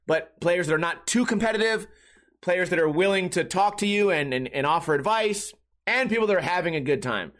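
A man's voice: sits high, a bit bright. A young man hosting a podcast, rambling in a casual, jokey, profane monologue. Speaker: podcast host.

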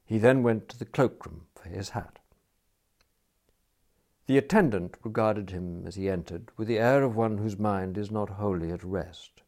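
A man reading a story aloud in a measured, expressive way. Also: fairly low pitch. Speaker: narrator. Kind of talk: audiobook reading.

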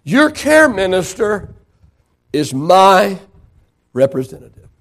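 A high-pitched man preaches from the pulpit. He pushes his voice up on key points and asks the congregation questions before answering them himself. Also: big pitch swings, takes it slowly, gravelly. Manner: preaching with rising emphasis and rhetorical questions. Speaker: pastor. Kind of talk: sermon.

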